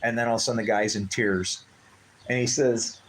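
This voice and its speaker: Chatty man telling stories on a live stream. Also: a little fast. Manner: animated, acts out quoted voices with big pitch jumps. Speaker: livestream host. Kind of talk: casual storytelling chat.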